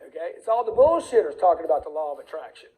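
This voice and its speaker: A man with a fairly high but dark, mellow voice gives a motivational money talk. He speaks bluntly and emphatically, hammering home warnings over and over. He acts out back-and-forth conversations as he goes. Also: sing-song, fast talker, low-quality recording. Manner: acts out dialogue in quoted voices. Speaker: speaker on wealth.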